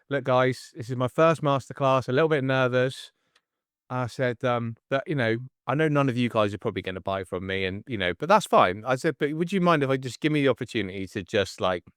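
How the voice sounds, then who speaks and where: Man in his 40s hosting a podcast, clear voice, tells stories and does all the voices. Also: medium pitch, no echo, studio quality. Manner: animated storyteller, acts out the voices in his stories. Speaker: podcast host and coach. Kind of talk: casual podcast chat.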